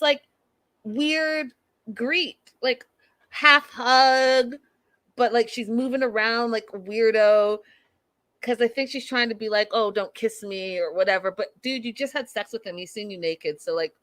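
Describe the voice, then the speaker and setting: Woman host, higher voice, dry close sound, animated sassy recap chat. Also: dry recording. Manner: animated, sassy, acts out quotes. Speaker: host recapping a reality show. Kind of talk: casual recap commentary.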